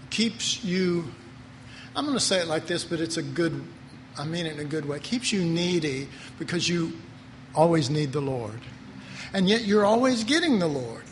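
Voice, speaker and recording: A man giving an informal Bible teaching, playful and animated, acting out quotes with humor. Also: on the high side. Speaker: preacher. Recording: reverberant hall, faint noise.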